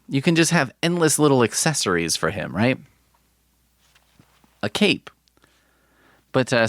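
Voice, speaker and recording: A man's voice: on the low side, a bit bright, no room sound, studio quality. A man hosting a podcast, talking casually in a rambling, profane, wry way. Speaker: podcast host. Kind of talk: casual chat.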